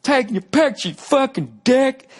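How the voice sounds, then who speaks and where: Man plays an offended heckler yelling from the seats, high and shrill. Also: lively intonation, moderate pace. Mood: indignant. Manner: shouted, insulting. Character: indignant male heckler shouting from the crowd.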